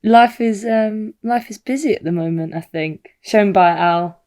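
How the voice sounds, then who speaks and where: A woman's voice: medium pitch, a little slow, dark tone. A young woman co-hosting a casual podcast chat, giggly and rambling, often losing her thread. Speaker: podcast co-host.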